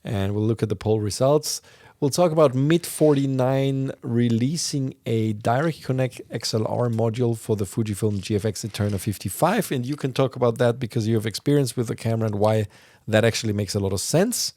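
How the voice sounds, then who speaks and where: A man's voice: medium pitch, brisk, dark tone, no room sound. A man hosting a podcast, explaining news in a casual, rambling way with plenty of fillers. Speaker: podcast host.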